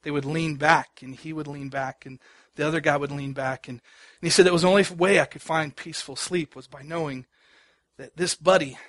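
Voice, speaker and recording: A pastor giving a sermon, telling stories in a conversational way with many fillers. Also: male voice, fairly high pitch, steady tone, a little fast, fairly bright tone. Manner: conversational storytelling with frequent fillers.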